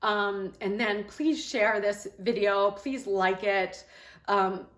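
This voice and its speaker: A woman's voice: medium pitch, fairly even intonation, takes it slowly, a bit bright, reverberant. A woman, a mom and health coach, talking earnestly to her viewers in a casual, rambling way, with lots of fillers and restarts. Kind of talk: casual talk to camera.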